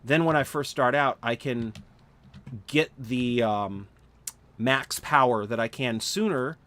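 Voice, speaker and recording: Talking slowly in a mid-range, fairly bright voice, a drowsy man narrates his gameplay on a livestream, yawning along the way. His casual commentary is thinking out loud, full of fillers and restarts.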